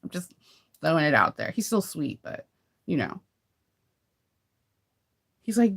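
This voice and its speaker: A woman's voice: low-pitched, sing-song, unhurried, creaky, long pauses, husky. A woman hosting a casual live chat with viewers about sewing, rambling and laughing often. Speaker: sewing channel host.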